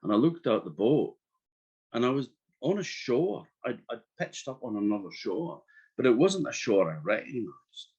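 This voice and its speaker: A man's voice: medium pitch, moderate pace, breathy edge. A man from Orkney with an Orcadian accent telling a folktale in the first person, chatty and wry, with asides to the listeners, in a dull lo-fi recording. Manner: lively, conversational, wry asides to the audience. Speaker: storyteller. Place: evening storytelling event.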